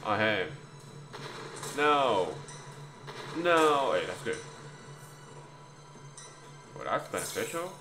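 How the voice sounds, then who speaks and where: A man's voice: medium pitch, big pitch swings, very slow, pauses often. Chatty man commentating a card game. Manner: chatty, reacting aloud to a card game, addressing viewers as guys. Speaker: gameplay youtuber. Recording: roomy echo with loud background music.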